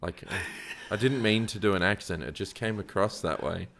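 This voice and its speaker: A man's voice: low-pitched, normal speed, vocal fry. A man co-hosting a casual podcast, telling stories and acting out the people in them. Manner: animated storyteller, acts out quotes loudly. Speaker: podcast co-host.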